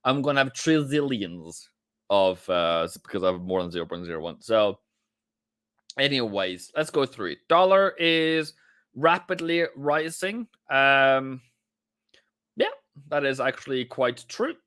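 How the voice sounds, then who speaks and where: A man hosting a live trading stream, commenting on market moves in a playful, jokey way and breaking into excited chanting. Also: mid-range voice, unhurried, dry recording, clean studio sound.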